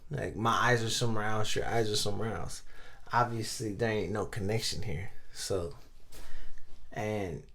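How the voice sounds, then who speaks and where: A man's voice: on the low side, steady tone, normal speed, fairly bright tone. Slangy young man telling a story. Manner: slangy, profane, rambling with many fillers. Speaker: podcast co-host. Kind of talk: casual storytelling chat.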